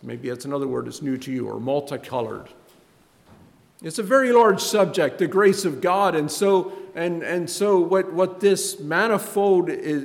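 A man preaching a sermon, halting and repeating words, his voice climbing when he stresses a point. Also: a little high, vocal fry. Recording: reverberant hall with faint noise.

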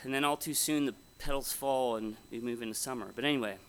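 Folksy preacher with a bright voice. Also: male voice, medium pitch, steady tone, fast, clean tone. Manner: conversational, folksy, asks the audience questions. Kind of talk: sermon. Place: conference hall before an audience.

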